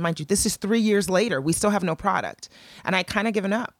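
A woman's voice: quick pace, dry recording. A woman telling a story in casual chat, acting out the people she quotes with a lifted voice. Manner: animated storyteller, acts out quotes in a higher voice. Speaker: entrepreneur guest.

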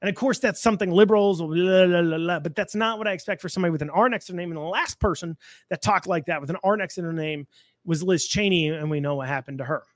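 A man's voice: sits high, fast talker, dry recording, studio quality. A man giving blunt, sarcastic political commentary, with frequent fillers and restarts.

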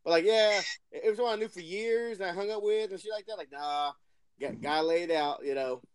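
A man co-hosting an online chat, rambling in halting, profane phrases. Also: sits high, smooth, no echo, studio quality. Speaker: podcast co-host. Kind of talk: casual chat. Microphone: online voice call.

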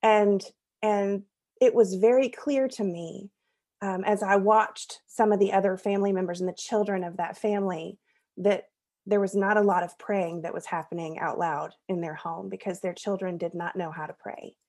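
A woman's voice: medium pitch, fairly even intonation, normal speed, a little mellow. A woman in her thirties, a podcast guest, telling a personal story in an earnest, conversational way and laughing at herself now and then.

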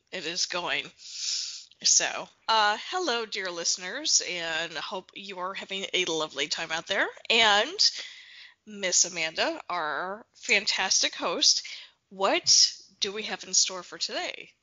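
Slow, lively woman co-host. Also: medium pitch, no room sound, rough recording. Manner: playful, drawn-out and theatrical. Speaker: podcast co-host. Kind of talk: casual podcast chat.

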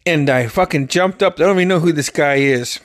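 A young man tells wild dream stories in a loose, profane monologue, acting out every quote with sudden yelps. His voice sits fairly high, and the recording is dry with no room sound. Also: brisk, no echo. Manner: profane, animated, acts out quotes with loud yelps. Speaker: storyteller. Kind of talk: casual storytelling monologue.

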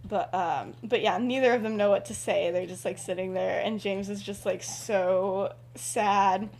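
A woman's voice: fairly even intonation, measured pace. A woman casually retelling a fan story on a podcast, rambling with lots of "like" and "um" fillers. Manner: drops into soft, low asides.

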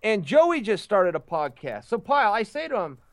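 A high-pitched man tells a story in loose, casual chat, tripping over and repeating his words as he rushes along. His voice is dry and close, with no room sound around it. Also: dry recording. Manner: lively storyteller who stumbles and repeats words. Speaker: guest on a talk show.

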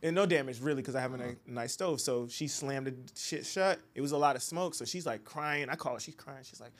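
A man in his thirties telling a story in casual group chat, laughing often and acting out quotes loudly. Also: mid-range voice, brisk. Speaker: podcast co-host.

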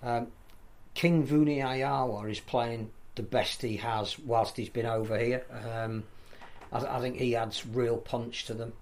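A man, talking through rugby league as a pundit in a casual podcast chat, measured and full of restarts. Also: mid-range voice, steady tone, a little mellow. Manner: thoughtful, measured analysis with frequent restarts.

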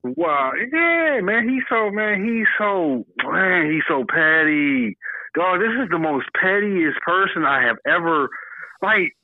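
Lively high-voiced man on a tinny line. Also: slow, no echo. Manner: animated, profane, laughs a lot. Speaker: podcast co-host. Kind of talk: casual comedic chat. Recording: tinny phone-like sound.

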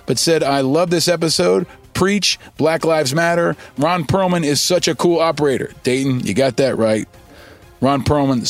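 Middle-aged male podcast host, upbeat and emphatic, mid-pitched voice, casual shout-out read. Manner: upbeat, emphatic, repeats for effect.

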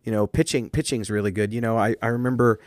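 A man's voice: on the low side, fairly even intonation, fast talker, no echo, clean studio sound. A man co-hosting a podcast, telling coaching stories in casual chat with thoughtful restarts. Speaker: podcast co-host.

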